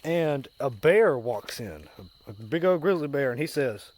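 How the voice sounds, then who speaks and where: A man telling pun jokes in a rambling, deadpan way while out on a walk, recorded on a phone outdoors. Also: medium pitch, measured pace. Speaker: comedian. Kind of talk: casual joke-telling on a walk.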